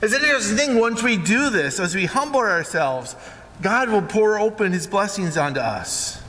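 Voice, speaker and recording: A man preaching a sermon and retelling a Bible story with animated storytelling, acting out the characters. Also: sits high, moderate pace, in a large hall. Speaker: pastor.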